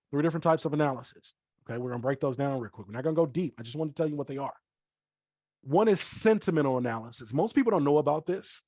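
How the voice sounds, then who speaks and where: Trainer: middle-aged man, slightly high voice, dry close sound, repeats key points, talks to the chat. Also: darkish tone, no room sound. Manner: repeats himself on purpose, addresses chat directly. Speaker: forex trading trainer. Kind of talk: live online training call.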